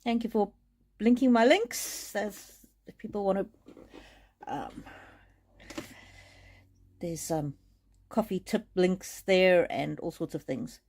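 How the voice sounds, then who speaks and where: A woman giving a live-streamed oracle card reading in a gentle, reassuring way, often restarting her sentences. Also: medium pitch, slow pace, pauses often. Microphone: streaming mic.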